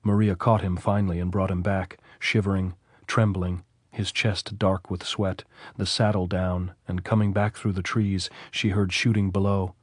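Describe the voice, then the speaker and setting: A man narrating a classic novel as an audiobook, in a steady, measured reading. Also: low voice, no echo, clean studio sound.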